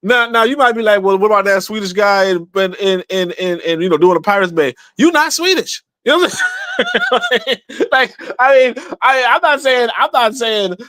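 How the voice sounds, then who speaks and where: Man, podcast host, high-pitched, animated and repetitive, dead dry room. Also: normal speed, no echo. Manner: emphatic, repetitive, conversational with rhetorical questions. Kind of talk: casual livestream talk.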